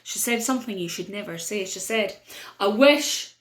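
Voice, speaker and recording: A middle-aged woman with a North-East Scottish accent telling a story to children in a playful way, with dramatic pauses. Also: medium pitch, roomy sound.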